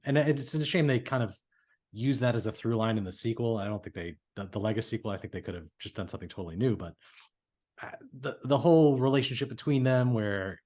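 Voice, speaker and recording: A man's voice: medium pitch, darkish tone. A man co-hosting a casual film podcast, rambling and joking, often restarting his sentences. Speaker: podcast co-host. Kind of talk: casual movie discussion.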